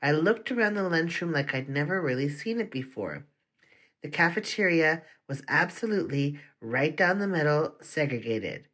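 An earnest audiobook narrator reading a first-person story in a confessional tone. The pitch sits in the middle range. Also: expressive, moderate pace, a bit bright.

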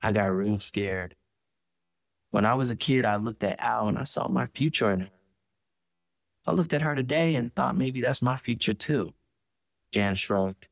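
A man reading a first-person audiobook in a slow, measured, quietly emotional way. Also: fairly low pitch, animated, creaky, no room sound. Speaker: audiobook narrator.

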